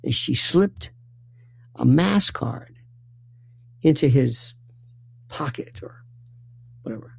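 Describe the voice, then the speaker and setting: New york guy spinning a funny family story, gravelly and husky, voice jumping all over, stumbles and restarts, dry close sound. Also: medium pitch, slow pace, long pauses, no room sound. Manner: animated, acts out family voices, stammering restarts. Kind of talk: comic storytelling.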